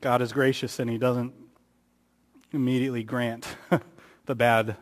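A man gives a sermon a little slowly, his pitch mostly staying in place, though he pushes higher and louder at key moments. He acts out the passages he quotes, all inside a long, reverberant hall.

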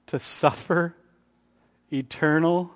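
Male preacher, slightly high voice, long reverb, emphatic sermon delivery. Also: fairly even intonation, slow pace. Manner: rises in pitch and volume for emphasis, acts out quotes.

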